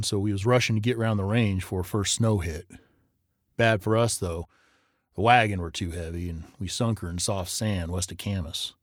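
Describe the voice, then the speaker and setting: A man's voice: fairly low pitch, dry recording, studio quality, lightly acted. A man voicing a terrified young frontier boy with a rural Old West drawl, frantic and breathless.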